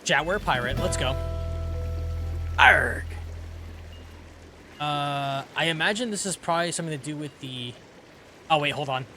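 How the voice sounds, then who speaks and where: A man from the United States streams a video game, talking casually with viewers and reading the game's dialogue aloud. He has a fairly high voice and talks fast, with game music playing behind him.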